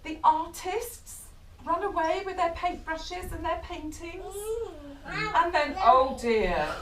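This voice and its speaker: A middle-aged English woman reading a picture book aloud to children, animated, stopping to ask them questions. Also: very high-pitched, slow, a little hiss or hum. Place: bookshop or café event room. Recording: echoey room, distant mic, background chatter.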